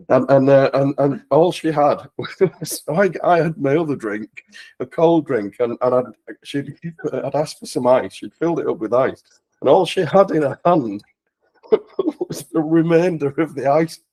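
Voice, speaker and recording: A man's voice: medium pitch, a little slow, darkish tone, low-quality recording. A man telling a personal story on a charity livestream, laughing often and restarting his sentences. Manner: laughs through the story, with frequent restarts and stumbles. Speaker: guest speaker on a charity talkathon livestream. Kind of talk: casual anecdote storytelling.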